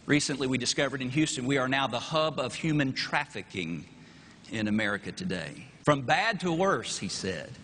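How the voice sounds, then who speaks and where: A man's voice: medium pitch, a little fast, fairly bright tone. A middle-aged Texan man preaching a sermon from the pulpit, rhetorical and emphatic, his voice rising and falling for emphasis. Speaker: pastor. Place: chapel. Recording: long hall reverb in a chapel.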